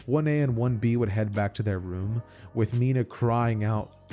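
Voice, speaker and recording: A man's voice: mid-range voice, a little slow, dark tone, soft background music. A young man casually narrating a fan story, rambling with slang and restarts.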